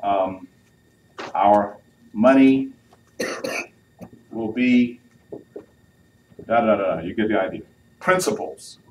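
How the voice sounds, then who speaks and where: A man's voice: fairly low pitch, slow pace, long pauses. A man giving a youth talk on marriage, playful and acting out what couples say, with a live audience. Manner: playful, acts out couples' lines with audience laughter. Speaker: youth speaker. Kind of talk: sermon. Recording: distant mic with faint noise.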